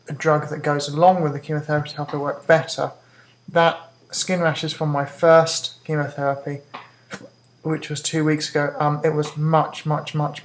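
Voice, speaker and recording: This is a woman with a voice that sits low, speaking fast and hiccuping as she gives a hesitant health update to camera, with many ums and restarts. The audio is poor and carries slight background noise.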